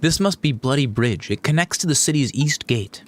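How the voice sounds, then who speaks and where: A man voicing a courteous, earnest young noblewoman who gently scolds her companion. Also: medium pitch, expressive, moderate pace, pitched above the performer's own voice, close to an everyday voice. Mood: earnest, polite.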